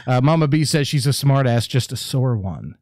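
A man's voice: medium pitch, animated, normal speed, a little mellow. A man co-hosting a casual live craft stream, reading viewer comments and joking with a laugh.

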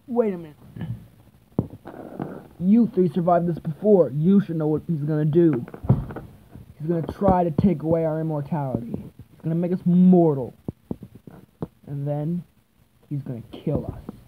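A speaker performing every role in a homemade fan drama, swinging between loud excited outbursts and low mumbled asides. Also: normal speed, pauses often. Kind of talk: amateur one-person fan drama, doing every role. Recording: tinny phone-like lo-fi with faint hiss.

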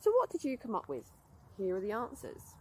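A woman presenting an outdoor lesson for children, explaining in a lively, upbeat way. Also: mid-range voice, a little fast, breathy edge.

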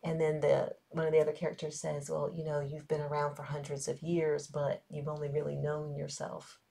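A woman's voice: sits low, monotone, brisk, creaky, dark tone. A woman co-hosting a podcast in casual chat, chatty and laughing often, calling listeners y'all. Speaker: podcast co-host.

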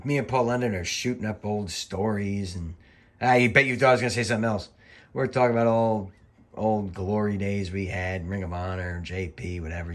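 A middle-aged man, a former wrestling referee, giving casual, rambling commentary over old match footage and swearing freely as he gets worked up. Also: on the low side. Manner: rambling, chatty, profane, quick to get worked up.

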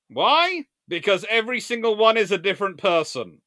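A man hosting a live-stream history lecture, telling his story in an animated, theatrical way. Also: high voice, normal speed, no room sound, clean studio sound. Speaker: naval historian host.

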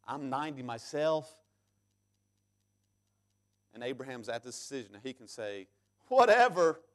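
A man preaching a sermon in church, reading scripture aloud and swinging between loud emphatic peaks and sudden hushed drops. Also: medium pitch, big pitch swings, a little slow. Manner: reads scripture aloud in King James English. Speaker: pastor.

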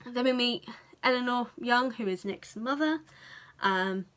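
A young British woman giving a casual film review to camera, chatty and animated, swearing freely and acting out the characters' reactions. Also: fairly high pitch, measured pace. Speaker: vlogger.

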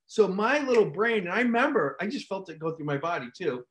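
A man hosting a casual live stream, telling a story with animated outbursts and acted-out shouts. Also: high voice, brisk, few pauses. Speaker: host.

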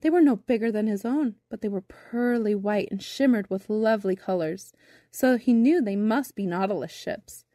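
A woman reading a children's storybook aloud in a gentle, measured narration. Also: mid-range voice, no room sound, studio quality.

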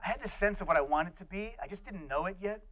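Middle-aged male guest lecturer, slightly high voice, anecdotal storyteller who acts out the people in his stories. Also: expressive, fast, fairly bright tone. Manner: anecdotal, acts out quoted voices, many fillers.

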